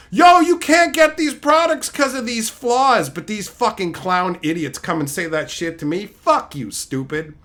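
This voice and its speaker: A man's voice: high-pitched, a bit bright. A man streaming live, ranting casually with lots of swearing, mocking jabs and laughter. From Canada.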